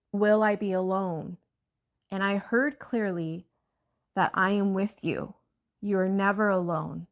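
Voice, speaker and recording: Earnest woman giving a motivational talk. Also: medium pitch. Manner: earnest, reflective, spiritual. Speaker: coach.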